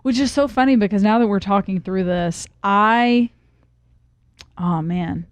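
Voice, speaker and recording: A woman's voice: mid-range voice, a little slow, dry recording. A young woman co-hosting a podcast, talking things through thoughtfully and often starting her sentences over. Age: young adult. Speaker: podcast co-host. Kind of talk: casual podcast chat.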